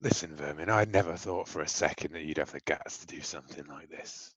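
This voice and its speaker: A stern, menacing vigilante tough, played by a man in a tabletop game, with a very deep voice. He speaks in short, flat threats in a dry, close sound. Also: a little fast, no echo, dull audio. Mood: cold.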